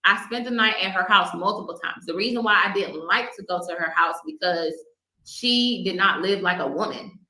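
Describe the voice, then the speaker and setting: A woman's voice: fairly low pitch, normal speed, sharp tone. A woman guest earnestly recounting a past relationship, restarting her sentences often. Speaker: interview guest. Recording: echoey room.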